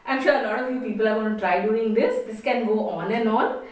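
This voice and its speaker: A woman with an Indian accent teaching a communication lesson. She stresses her words deliberately and expressively. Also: on the high side. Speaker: communication trainer. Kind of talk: spoken lesson. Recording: echoey room, distant mic.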